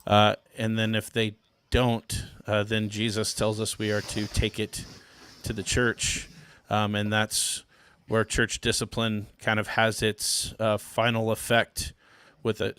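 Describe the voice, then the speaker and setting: A man who is a pastor, guesting on a podcast and explaining his view step by step in a measured way. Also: lowish voice, flat delivery, a bit bright, clear, resonant tone, no room sound. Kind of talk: casual theology discussion.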